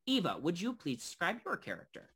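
A man narrating as game master of a tabletop game, halting and loose, with many fillers. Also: high voice, wildly swooping pitch, pushed and bright, slightly rough.

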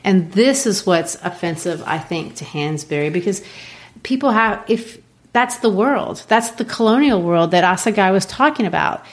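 A woman, a literature teacher, explaining a play in an animated way. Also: mid-range voice, moderate pace. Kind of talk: discussing a play.

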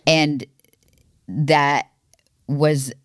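A woman's voice: sits low, very slow, no room sound, clean studio sound. A woman co-hosting a podcast, talking candidly and earnestly with her husband. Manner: earnest, heartfelt, expressive. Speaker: podcast co-host.

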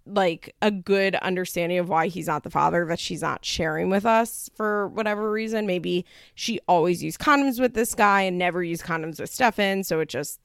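Chatty young woman host, gravelly fry, dry close recording, laughs often. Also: lowish voice, no room sound. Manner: chatty, laughing, animated quoting of others. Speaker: podcast host recapping a reality show. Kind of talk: casual chat.

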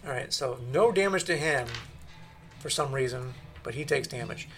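A man's voice: mid-range voice, expressive, moderate pace, fairly bright tone. A man as dungeon master, running a tabletop game for his players in an easygoing way that keeps the game moving.

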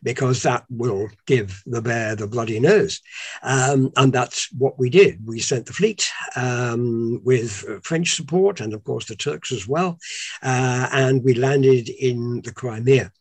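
A British man explaining history in a relaxed conversational way at home, with many uhs and restarts. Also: mid-range voice, slow, husky, no echo. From Britain. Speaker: historian guest. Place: home lounge.

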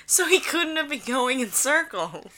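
A woman's voice: sits high, big pitch swings, normal speed, bright, forceful tone. A woman with a cold co-hosting a casual podcast recap, making dry, sarcastic asides. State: has a cold. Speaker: podcast co-host.

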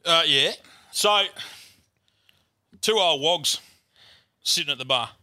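A man's voice: fairly high pitch, expressive, takes it slowly, bright, forceful tone, no room sound, studio quality. A young Australian man, a comedian, telling crude jokes in a casual sweary pub chat and putting on voices for the characters. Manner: sweary, storytelling with put-on voices. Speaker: guest comedian.

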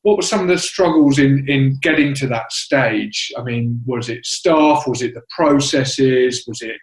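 A man hosting a casual interview, asking encouraging questions in a steady string. His voice sits at a middle pitch. The recording has a noticeably roomy echo. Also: a little slow. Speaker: interview host.

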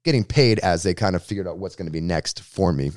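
Deep-voiced radio host from Boston, quick slangy storyteller, interview guest. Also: male voice, dry recording, studio quality. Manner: slangy, lively anecdotal telling.

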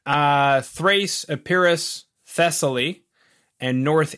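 A Canadian man hosts a casual podcast chat in a middle-pitched voice. His talk is playful and rambling, with jokes at his own expense. His accent is a light Canadian one. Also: normal speed, a bit bright. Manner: playful, rambling, self-mocking. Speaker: podcast host.

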